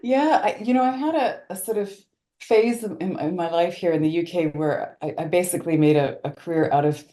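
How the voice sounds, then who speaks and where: A woman guest telling stories in a casual interview, animated, with many restarts. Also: lowish voice, fairly quick, roomy sound. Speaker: guest actor.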